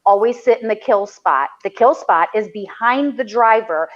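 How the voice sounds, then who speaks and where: A woman's voice: mid-range voice, moderate pace. Blunt, profane woman on a lo-fi recording. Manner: blunt, profane, animated storytelling. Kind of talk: casual podcast chat. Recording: dull lo-fi sound.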